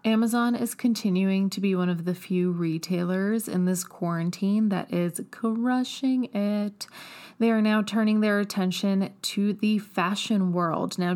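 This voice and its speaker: A woman's voice: fairly low pitch, a little mellow. A woman hosting her own podcast in a chatty, upbeat monologue, recorded while traveling away from a studio. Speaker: podcast host.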